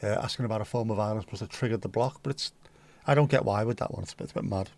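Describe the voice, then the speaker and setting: This livestream host talks rapid-fire in a fairly low, gravelly voice with a darkish tone. He banters dryly with viewers and reads their comments out in a rambling, joking way, occasionally switching to silly voices.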